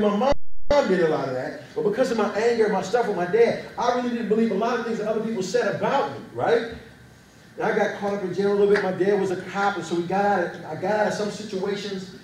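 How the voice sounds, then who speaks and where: High-voiced man speaking in an echoey hall. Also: slight background noise. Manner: animated storyteller. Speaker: youth speaker. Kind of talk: motivational speech. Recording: echoey hall, mic far off.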